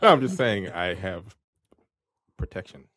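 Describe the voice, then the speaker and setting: A man's voice: deep voice, expressive, measured pace, a bit bright, no echo, studio quality. A man co-hosting a movie podcast, talking bluntly and with lots of swearing and emphasis. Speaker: podcast co-host. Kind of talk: casual movie-review chat.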